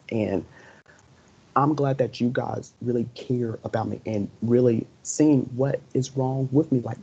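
A man's voice: medium pitch, vocal fry, mellow, breathy edge. A young man co-hosting a podcast, talking earnestly and emotionally and repeating his points over and over. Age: young adult. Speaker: podcast co-host. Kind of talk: casual podcast chat. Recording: dull lo-fi recording.

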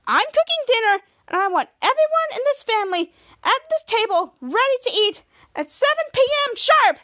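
A woman voicing a hot-tempered, bossy teenage girl from a sitcom, with a shrill and demanding delivery. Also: animated, measured pace, bright, forceful tone, heavily acted.

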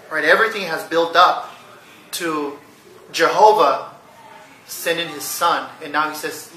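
A man's voice: fairly high pitch, a little slow, long pauses, sharp tone, roomy sound, recorded from a distance, slight background noise, poor audio. A man preaching a sermon, teaching earnestly and posing rhetorical questions to his listeners. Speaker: pastor.

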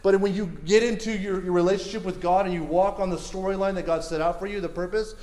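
A man preaching a sermon in a lively, conversational way, repeating words and asking the crowd questions. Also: sits high, quick pace, echoey room.

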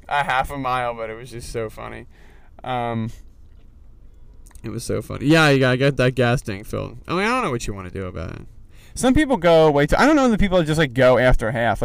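A man's voice: mid-range voice, gravelly, clean tone, no room sound. Rambling young man podcasting from a car. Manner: rambling storyteller with lots of fillers. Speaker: podcast host. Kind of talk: casual solo podcast chat. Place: in a car on the road.

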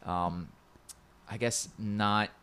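A man's voice: fairly low pitch, steady tone, drawn-out words, fairly bright tone, smooth. A man in casual chat about video games, rambling and repeating words as he explains.

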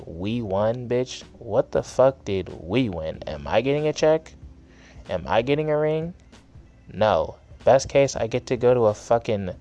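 Young male podcast host, low-pitched, angry profane solo rant with sarcastic jabs. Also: darkish tone.

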